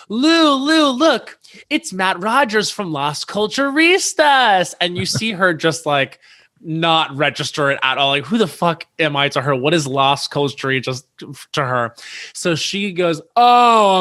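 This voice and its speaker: A man in his thirties telling a story as a podcast guest, animated, jumping up high in pitch whenever he quotes someone. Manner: animated, swoops high when quoting people.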